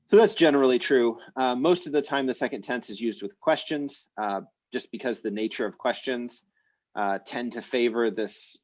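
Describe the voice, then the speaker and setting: A man's voice: fairly low pitch, no room sound, dull audio. A man teaching an online language class, explaining grammar in a casual way with many fillers.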